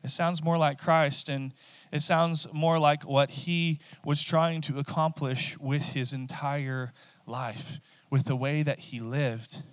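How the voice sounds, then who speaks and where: A man's voice: fairly high pitch, steady tone, takes it slowly, no echo. A male pastor preaching a sermon in a conversational way, repeating phrases and often checking in with "right?".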